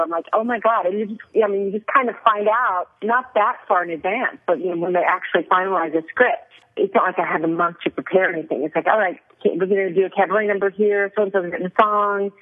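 A woman guest talking through an interview, chatty and quick to laugh, often restarting her sentences. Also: lowish voice, breathy edge. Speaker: actress guest. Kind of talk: casual interview over a phone line. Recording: tinny phone line.

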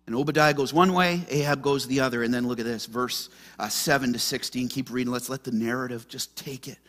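A man's voice: medium pitch, fairly even intonation, fairly quick, fairly bright tone. A man preaching a sermon as pastor, animatedly acting out the anxious voices of scripture figures. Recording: long hall reverb.

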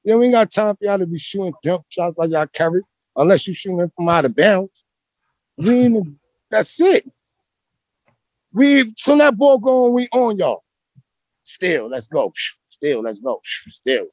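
High-voiced New man telling stories. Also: moderate pace, long pauses, no echo. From Brooklyn, New York. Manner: animated, slangy, rambling street talk. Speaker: interview guest, former street basketball player. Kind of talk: casual storytelling interview.

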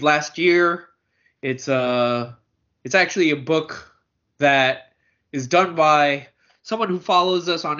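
A man's voice: fairly high pitch, pushed and bright, highs cut off. A man co-hosting a podcast in a laid-back, jokey, rambling way. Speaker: podcast co-host. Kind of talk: casual podcast chat.

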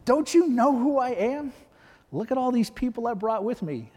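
A man's voice: fairly high pitch, fast, darkish tone, long reverb tail, natural voice. A man voicing a proud, self-important army general who is indignant at being slighted.

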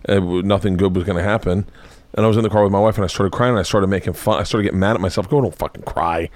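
Low-voiced middle-aged man, blunt and profane. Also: steady tone, very fast, a little mellow, slight background noise. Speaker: podcast host. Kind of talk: casual podcast chat. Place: indoor home studio.

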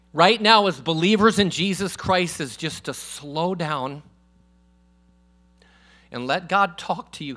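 High, bright-voiced preacher man. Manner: conversational and emphatic, swinging between loud declarations and quiet asides; calls for congregation responses. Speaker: guest preacher. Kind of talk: sermon. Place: church.

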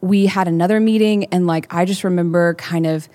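Podcast co-host, young woman, lower register, earnest and rambling, lots of "like". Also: fairly even intonation, a little fast, dark tone. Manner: heartfelt, rambling with many fillers. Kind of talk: candid faith conversation.

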